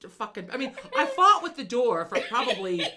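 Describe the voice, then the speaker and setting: A middle-aged woman co-hosting a podcast, telling a story in casual chat, animated, swearing freely and laughing as she goes. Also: fairly high pitch, a little fast, noisy background. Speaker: podcast co-host.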